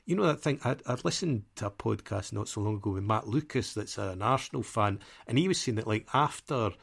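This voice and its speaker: A man's voice: on the low side, animated, brisk, vocal fry, fairly bright tone, breathy edge. A man co-hosting a football podcast, chatting casually in a rambling, self-deprecating way and laughing often. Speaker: podcast co-host.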